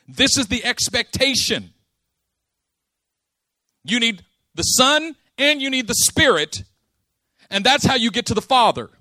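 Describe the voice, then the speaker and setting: A man's voice: very high-pitched, expressive, moderate pace, pushed and bright, no echo. A man preaching a sermon, stressing key words with emphatic rises.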